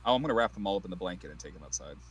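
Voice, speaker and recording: A man playing a tabletop game on a live stream, briskly describing what his character does. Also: low-pitched, lively intonation, fairly bright tone, husky. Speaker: player.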